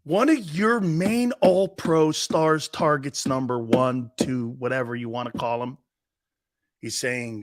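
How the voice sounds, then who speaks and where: A man hosting a live sports talk show, loud, joking and blunt, laughing often. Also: mid-range voice, slow pace. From lives in Florida.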